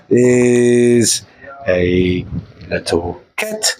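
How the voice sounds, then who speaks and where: A man's voice: fairly low pitch, lively intonation, slow, a little mellow, poor audio. A man hosting a live mineral and fossil sale, talking casually and enthusiastically, with jokey asides. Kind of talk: casual live sales presentation.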